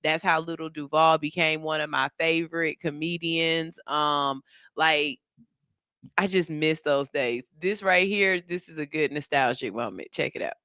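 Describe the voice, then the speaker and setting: Brief: animated male radio host with a bright, crisp voice, dry close sound. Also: on the high side, measured pace, dry recording. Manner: animated, repeats himself for emphasis. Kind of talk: casual commentary on clips.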